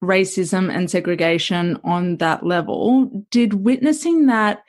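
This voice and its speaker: A woman's voice: lowish voice, measured pace. A woman podcast host asking a guest thoughtful, reflective questions in an encouraging way. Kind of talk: interviewing.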